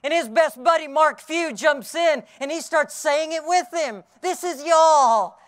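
A middle-aged pastor preaches an Easter sermon outdoors on a hilltop, telling the story vividly and dropping from loud cries to hushed tones. His voice is very high, and he never hurries.

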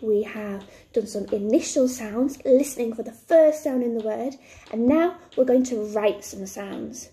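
A woman teaching a phonics lesson to young children, slow and encouraging, with sing-song praise. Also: fairly high pitch, dark tone. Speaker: primary school teacher.

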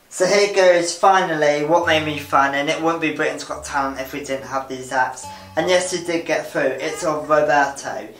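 Man, eager show reviewer, roomy echo, music underneath. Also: a little high. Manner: enthusiastic, repeats praise words. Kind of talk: casual video review. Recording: roomy sound with music behind.

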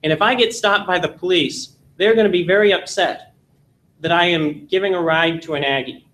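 A man's voice: high-pitched, moderate pace, a bit bright, low-quality recording. A man voicing a worried adult driver who bargains over giving someone a ride, in a plain storytelling voice with earnest pleading. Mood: worried, bargaining.

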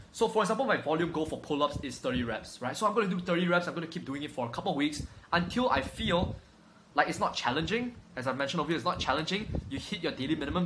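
Brash swearing young man coaching fast. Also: medium pitch, a bit bright, a little hiss or hum, poor audio. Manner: brash, swaggering, swears constantly, calls viewer bro. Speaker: fitness coach. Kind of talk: profane casual lecture to camera. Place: room at home.

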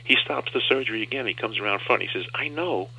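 A man's voice: lowish voice, racing, creaky, pushed and bright, slightly rough. A man, a comedian guest on a radio interview show, telling a story and acting out the other voices in it. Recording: dull lo-fi radio sound.

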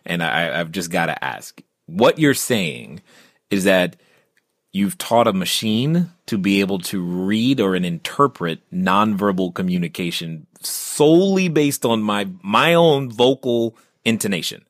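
A man with a fairly low voice hosts a podcast interview. He jumps in eagerly and asks his questions with excitement. The sound is dry and close. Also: a little slow, no echo. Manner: energetic, interjecting, enthusiastic. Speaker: podcast host.

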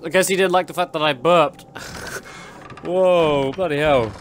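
A man's voice: a little high, slow pace, slight background noise. A young man giving jumpy, exclaiming commentary while playing a horror game and talking to its characters. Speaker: gaming YouTuber.

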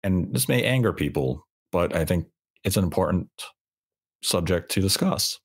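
A man hosts a casual podcast discussion in a low, husky voice. He explains his reasoning at length and lays out his points analytically. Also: lively intonation, normal speed. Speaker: podcast host.

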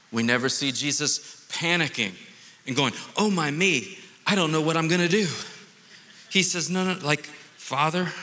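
A man pastor giving a conversational, animated sermon with playful asides. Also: medium pitch, in a large hall.

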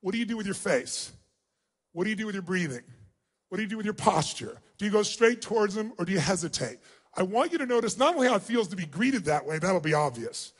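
A man leading a huge live audience through an exercise, energetic and commanding, often shouting questions to the crowd. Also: high-pitched, fast talker, husky. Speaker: motivational speaker leading a large audience exercise. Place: large arena.

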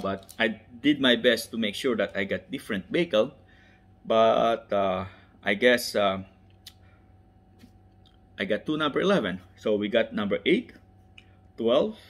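Unboxing toy cars, a man with a non-native English accent provides enthusiastic, repetitive commentary, repeating words and addressing "ladies and gentlemen." His voice is on the low side, and he often drops into soft whispers while handling the toys.

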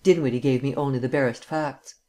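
Diplomatic district attorney, measured and calm, read by a man, audiobook. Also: medium pitch, close to an everyday voice. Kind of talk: audiobook reading.

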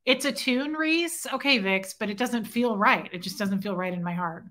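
Bright, chatty woman livestreaming. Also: mid-range voice, normal speed. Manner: chatty, playful and self-mocking, breaks into snatches of song. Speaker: livestream host. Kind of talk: casual livestream chat, reading viewer comments aloud.

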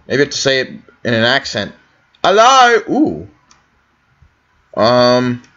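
A young man commenting on his own game in a role-play way, talking to himself and calling out into empty places. His pitch jumps all over as he wonders aloud. The recording is a little dull and lo-fi. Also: fairly bright tone. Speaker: gaming video host.

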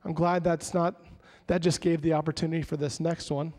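A male pastor with a high voice delivers a sermon in a church sanctuary. His words ring out with a long hall reverb, and he slips into the voices of the people he quotes, building in intensity as he goes. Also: little pitch movement, fairly quick, a little mellow. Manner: preaching with rising intensity, acting out quoted voices.

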